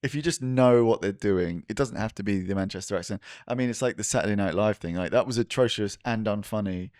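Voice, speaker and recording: A man in his thirties rattles through casual podcast chat, teasing his friends. His voice runs a bit low and quick. It is recorded close and dry. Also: darkish tone, no room sound. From south of England. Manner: quick, teasing, laughs often. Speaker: podcast co-host.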